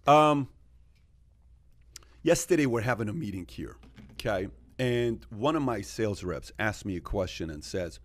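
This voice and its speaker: A man's voice: on the low side, expressive, unhurried, pauses often, dry recording. A man hosting a casual podcast discussion, telling stories animatedly and acting out quoted exchanges, with frequent fillers. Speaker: podcast host.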